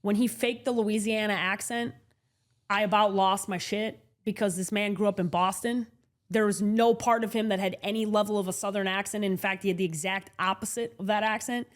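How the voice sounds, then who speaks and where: A woman's voice: medium pitch, fairly even intonation, a little fast. A woman co-hosting a casual sports talk show, blunt and emphatic, swearing casually as she makes her case. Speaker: co-host.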